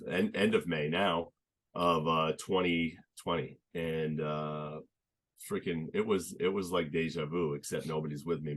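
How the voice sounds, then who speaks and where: Young man, very low voice, earnest and halting, podcast guest, casual storytelling. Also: fairly bright tone. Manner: earnest, halting, many restarts and "like".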